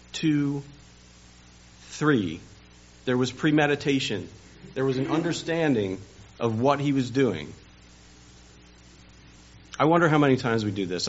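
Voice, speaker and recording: A man preaching a Sunday sermon, telling a story dramatically and building to loud emphasis, on a dull, lo-fi recording. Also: medium pitch, breathy edge. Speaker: pastor.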